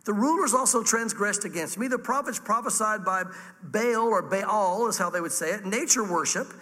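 A male pastor preaching a sermon fervently and emphatically, with sudden jumps up and drops down in pitch. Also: moderate pace, pushed and bright. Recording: long hall reverb.

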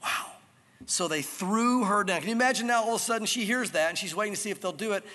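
A male pastor preaching a sermon, telling the story in an animated way and acting out scenes. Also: sits high, quick pace. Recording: reverberant hall.

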